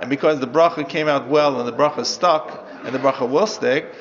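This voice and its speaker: A rabbi with a brisk, mid-range voice leads a Torah class, reading Hebrew lines aloud and then explaining them step by step to his students. The audio is dull and lo-fi, with chatter from the class in the background.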